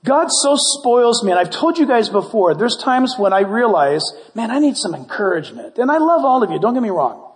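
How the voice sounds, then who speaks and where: High-voiced animated pastor guy, joking sermon, echoing church hall. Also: normal speed, few pauses. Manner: animated, conversational preaching with jokes. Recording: long church hall reverb.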